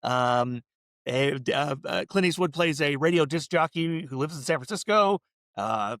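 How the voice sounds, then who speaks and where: A man's voice: a little high, animated, moderate pace, fairly bright tone, no echo, studio quality. Laid-back rambling male podcast host. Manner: rambling, laid-back storytelling with many fillers. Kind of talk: casual film podcast chat.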